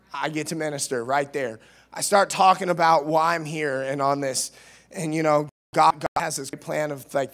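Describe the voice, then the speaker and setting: A man from Missouri preaching a sermon as youth minister, earnest, restarting words, swinging between loud and soft. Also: on the high side. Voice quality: nasal at times. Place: church.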